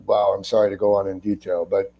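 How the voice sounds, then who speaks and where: A middle-aged actor guesting on an interview, telling stories casually and animatedly, acting out the people in them and stumbling over restarts when he gets excited. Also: sits low, quick pace, highs cut off. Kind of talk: casual anecdotal storytelling.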